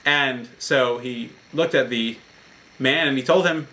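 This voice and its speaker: A man's voice: mid-range voice, slow, pushed and bright. A man, a rabbi, giving a short Torah talk in an earnest, explanatory storytelling manner.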